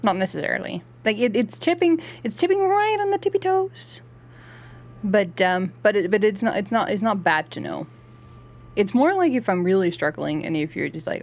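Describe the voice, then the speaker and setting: A woman's voice: medium pitch, expressive, normal speed. A woman chatting animatedly while streaming a video game, swearing and laughing a lot. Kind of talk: live game stream chat.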